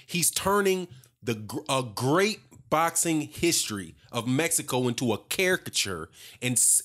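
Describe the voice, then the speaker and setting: A man's voice: a little high, fairly bright tone. A man giving heated, sarcastic opinion commentary on boxing, repeating his points for emphasis.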